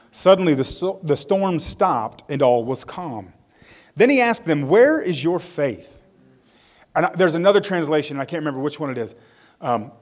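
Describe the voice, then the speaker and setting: A male pastor preaching a sermon. He reads scripture aloud, tells it as a story with casual asides, and leads a prayer. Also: fairly high pitch.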